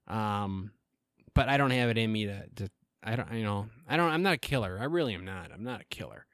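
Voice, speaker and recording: A man's voice: mid-range voice, animated, quick pace, fairly bright tone, no room sound, studio quality. A man hosting a casual solo podcast, rambling and joking with plenty of profanity and restarts. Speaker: podcast host.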